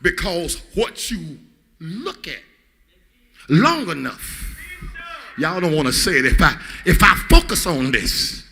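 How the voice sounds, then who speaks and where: A man pastor preaching a sermon in a sing-song cadence, calling on the congregation to answer back and building to shouts. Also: a little high, big pitch swings, takes it slowly, long pauses, a little hiss or hum.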